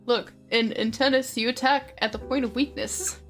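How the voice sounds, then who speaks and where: A smug, jealous young boyfriend, read out by a woman. The delivery is a plain script reading in a slightly high voice. Faint music plays underneath. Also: steady tone, moderate pace, close to an everyday voice.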